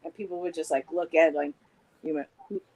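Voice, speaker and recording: A woman's voice: low-pitched, fairly even intonation, fast, highs cut off, a crowd in the background. A woman telling rambling stories in a group chat.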